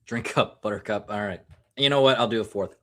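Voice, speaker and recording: A man's voice: lowish voice, a little fast, a bit bright. An American man hosting a live stream, chatting casually and joking while drinking, rambling and self-mocking.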